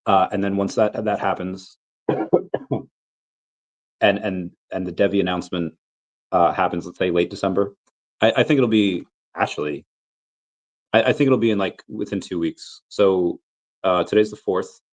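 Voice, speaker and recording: A man's voice: low-pitched, fairly even intonation, normal speed, pauses often, poor audio. A man in his thirties with the flu, coughing now and then, hosting a casual livestream Q&A and rambling through his thoughts with many restarts. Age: 30s. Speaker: crypto livestream host.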